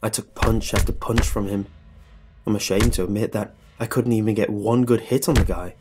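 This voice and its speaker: A man's voice: on the low side, steady tone, moderate pace. A man narrating a comedic horror story in the first person, with dry comic asides. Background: faint music.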